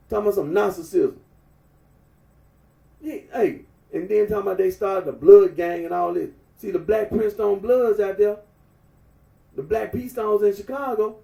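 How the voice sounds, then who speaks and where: High-pitched man ranting in an echoey room. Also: creaky, mellow. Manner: repetitive, emphatic, scolding. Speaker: vlogger. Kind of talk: ranting monologue. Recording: echoey room, far from mic.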